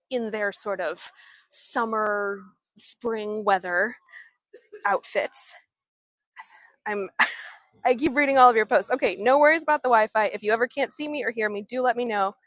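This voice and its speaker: Recorded dry, this woman speaks with a fairly high pitch and a somewhat bright sound. She casually hosts a live-streamed outdoor walking tour in an old town, answering viewer comments while carrying her camera, a handheld camera or phone she rotates as she walks along.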